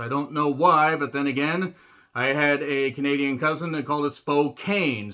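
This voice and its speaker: Rambling man with a bright, punchy voice. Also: mid-range voice, a little fast. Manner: rambling, jokey, swears freely, goes off on tangents. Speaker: wrestling show reviewer. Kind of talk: casual video review.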